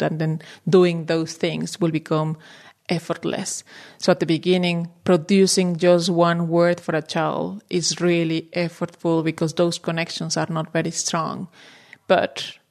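Low-voiced woman explaining research patiently. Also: creaky, a little mellow. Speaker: language development researcher. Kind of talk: explanatory interview.

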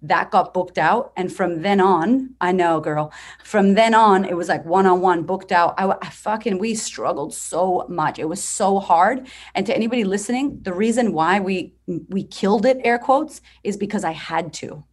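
Blunt, energetic woman in her thirties. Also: mid-range voice, normal speed. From United States. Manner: blunt, profane, energetic and animated. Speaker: business coach guest. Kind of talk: candid podcast storytelling.

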